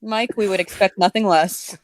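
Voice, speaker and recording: A woman in casual joking chat with friends, teasing them and quick to laugh. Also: medium pitch, fairly even intonation, no echo. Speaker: co-host reading a story aloud with friends.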